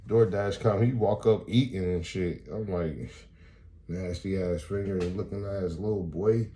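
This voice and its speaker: A man doing freestyle stand-up comedy, telling stories in a profane, animated, slangy way. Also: deep voice, measured pace.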